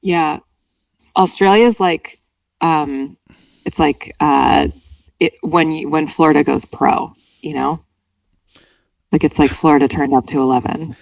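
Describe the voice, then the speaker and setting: Teasing woman, lower voice, set back from mic. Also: fairly even intonation, measured pace, vocal fry, pauses often, darkish tone, no room sound, recorded from a distance, rough recording. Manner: teasing, laughing, fussy about pronunciation. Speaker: podcast co-host. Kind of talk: casual book-club chat.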